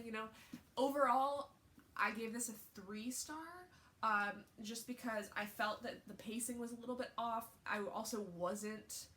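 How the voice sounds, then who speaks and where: A woman's voice: a little high, fairly bright tone. A woman book vlogger talking in a casual, rambling way, with lots of fillers and restarts. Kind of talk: casual chat.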